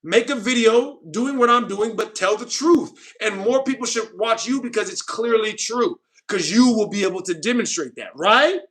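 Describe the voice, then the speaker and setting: He speaks at a moderate pace with hardly any pauses, his voice high-pitched and a bit bright. Reading viewer comments on his stream, he defensively lectures those he disagrees with and keeps repeating "you know what I mean."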